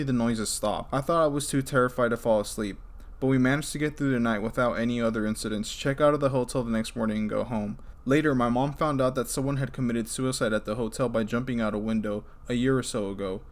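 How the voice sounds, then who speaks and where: A young man reading scary stories aloud in a casual way, drifting into rambling asides and restarts. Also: medium pitch. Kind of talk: casual story reading with commentary.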